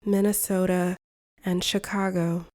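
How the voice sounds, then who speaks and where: A woman from the United States, an English teacher reading a shadowing lesson in slow, carefully separated phrases. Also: on the low side, flat delivery, a little mellow. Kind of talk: slow shadowing practice narration.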